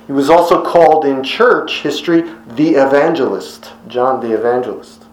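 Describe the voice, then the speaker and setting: A man's voice: mid-range voice, echoey room, poor audio. A man reading scripture and then teaching it as a pastor, with conversational, wry asides. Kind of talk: Bible teaching sermon.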